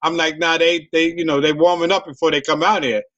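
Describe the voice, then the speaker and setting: A man's voice: fairly high pitch, level tone, brisk, a bit bright, dull audio. A man hosting a casual interview, telling loose profane stories with many restarts and repeats. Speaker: host.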